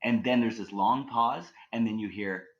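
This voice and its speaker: A man's voice: lowish voice, moderate pace, highs cut off. A man from Canada, a podcast guest telling stories in a casual, rambling way full of fillers. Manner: rambling, filler-heavy, excitable. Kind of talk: casual storytelling.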